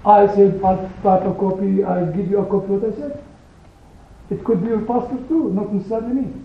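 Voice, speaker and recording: Animated, emphatic man in an echoey room. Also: high-pitched, vocal fry, slight background noise. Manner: animated, emphatic, pauses to stress single words. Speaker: teacher leading a Bible study group. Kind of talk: storytelling to a small group. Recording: echoey room on a phone-like recording.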